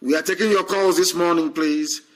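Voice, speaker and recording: A man's voice: fairly high pitch, fairly even intonation, normal speed, rough recording. A man hosting a live call-in stream, fervent and repetitive, often talking over his callers. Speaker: live stream host taking calls. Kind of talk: call-in talk show.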